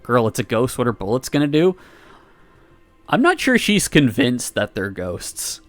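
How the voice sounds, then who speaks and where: A man reads a visual novel aloud on a stream, narrating with feeling and tossing in laughing side comments. His voice sits at an ordinary pitch and sounds close and dry. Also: measured pace, no room sound, soft background music. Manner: expressive reading broken by laughs and asides.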